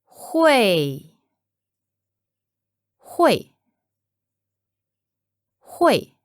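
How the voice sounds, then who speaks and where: Very slow, carefully enunciating woman. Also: fairly high pitch, sing-song, dry recording, clean studio sound. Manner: careful, deliberate enunciation, each phrase said twice. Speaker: native-speaker model for pronunciation. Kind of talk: slow repeated pronunciation examples.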